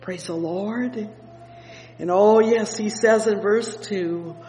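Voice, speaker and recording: Man, preacher, sermon, fervent, "oh yes" interjections, slow, high voice, echoey hall. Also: darkish tone, slight background noise. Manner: fervent, peppered with "oh yes" and "praise the Lord"; reads scripture slowly and deliberately. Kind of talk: evening sermon, Bible exposition. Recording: echoey hall with long reverb.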